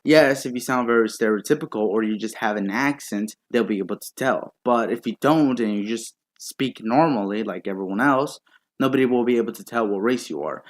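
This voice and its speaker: A man's voice: lowish voice, a little fast. A man commentating a video he disagrees with, in a sarcastic, profane and incredulous rant. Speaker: YouTube commentator. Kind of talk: reaction rant.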